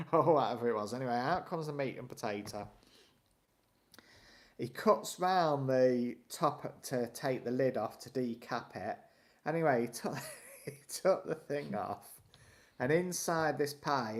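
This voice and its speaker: A man, co-hosting a live stream and telling a rambling anecdote with frequent chuckles. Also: mid-range voice. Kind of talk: casual storytelling chat.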